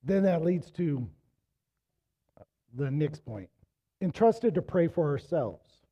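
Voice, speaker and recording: A man's voice: a little high, expressive, slow pace, mellow. A middle-aged man preaching a sermon in a conversational storytelling way, rising to emphatic exhortation, while losing his voice. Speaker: pastor.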